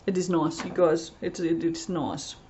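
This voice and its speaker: A woman's voice: lowish voice, level tone, a little slow, warm tone, a little hiss or hum. A woman chatting casually as she reviews soap fragrances, rambling and reading product blurbs aloud. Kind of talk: casual unboxing chat.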